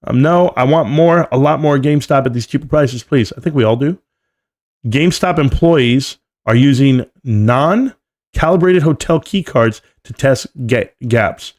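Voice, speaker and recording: A man's voice: medium pitch, measured pace, darkish tone. Joking man in his forties hosting a live stream. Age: 40s. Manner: loose and joking, slangy, often says "bro". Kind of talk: casual live-stream chat, reading viewer comments aloud.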